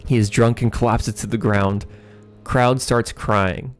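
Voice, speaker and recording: A man's voice: on the low side, steady tone, measured pace, soft background music. A man hosting a livestream, thinking aloud while writing a comedy sketch, hesitant with many ums and chuckling as he reads lines aloud.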